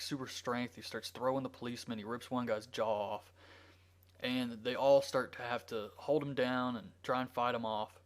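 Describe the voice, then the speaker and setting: Man casually recapping a movie plot. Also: medium pitch. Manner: rambling, with frequent ums and likes. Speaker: movie reviewer.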